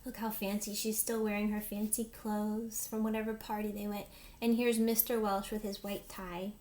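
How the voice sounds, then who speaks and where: A woman teacher reading a chapter book aloud to her class in an expressive storytelling manner. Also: mid-range voice, moderate pace.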